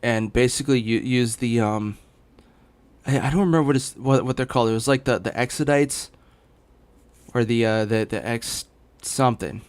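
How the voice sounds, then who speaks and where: A man's voice: mid-range voice, normal speed, smooth. A young man chatting casually as a gaming streamer, rambling with many fillers and restarts while hiccuping. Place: home in Los Angeles.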